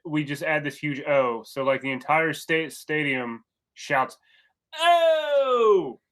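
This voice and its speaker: A man's voice: fairly high pitch, steady tone, moderate pace, pushed and bright. A man from the Baltimore area talking as a podcast guest in a loose, casual way, full of fillers. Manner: loose, filler-heavy, with frequent "like". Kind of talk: casual chat.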